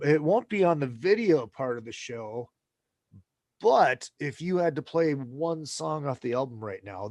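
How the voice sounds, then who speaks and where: A man's voice: a little high, no room sound. A man hosting a podcast in a loose, off-the-cuff way, swearing casually as he talks. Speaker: podcast host.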